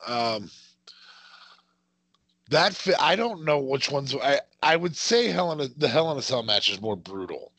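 A man's voice: mid-range voice, very animated, a little slow, pauses often, fairly bright tone, husky, no echo. A man co-hosting a casual wrestling watch-along podcast, reacting with exclamations. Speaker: podcast co-host.

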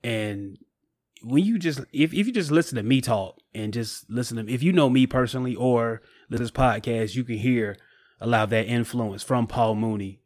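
A man's voice: mid-range voice, normal speed, darkish tone, no room sound. A man hosting a podcast in blunt, heartfelt casual chat. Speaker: podcast host.

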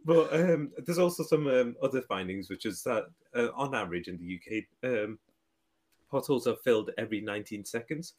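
A man's voice: mid-range voice, expressive, brisk, darkish tone. A young man co-hosting a casual motoring podcast, laughing often as he reads out report figures. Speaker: podcast co-host. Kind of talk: casual chat.

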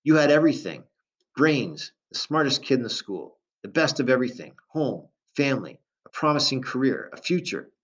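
A man's voice: fairly low pitch, expressive, moderate pace, fairly bright tone. A man voicing a bitter, grieving father. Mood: angry. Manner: bitter, cracked, rising in anger. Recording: dull lo-fi recording.

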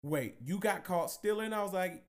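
A man hosting a podcast, telling a long story in casual, profane, animated chat with lots of laughing. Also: high voice, moderate pace, over a noisy crowd. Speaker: podcast host.

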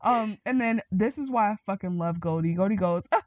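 Woman, podcast host, casual recap chat, animated quote-acting, dry close sound, tinny phone-line audio. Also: brisk, no echo. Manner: animated, acts out quotes with big pitch jumps.

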